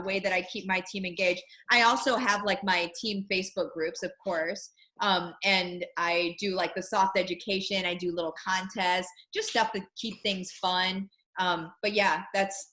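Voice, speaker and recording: A woman's voice: medium pitch, fairly bright tone. A woman in her thirties, chatty and casual as an interview guest, with frequent restarts and easy laughs. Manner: chatty, many restarts and fillers, laughs easily. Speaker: interview guest, network marketer. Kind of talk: casual interview over video call.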